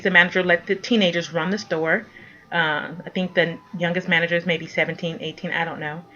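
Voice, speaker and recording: A woman's voice: fairly low pitch, fairly bright tone, lo-fi sound. A mother speaking out to the camera in an impassioned appeal, indignant, pleading and emphatic.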